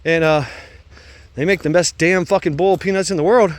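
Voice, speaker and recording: A man's voice: sits high, steady tone, a little fast. A man telling a casual story, rambling and swearing, with lots of fillers, restarts and frequent laughs. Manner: laughs often while telling.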